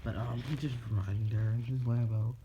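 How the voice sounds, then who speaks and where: A man's voice: mid-range voice, fairly even intonation, brisk, mellow. A man casually telling an improvised fan story, rambling and swearing. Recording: dull lo-fi recording with faint noise.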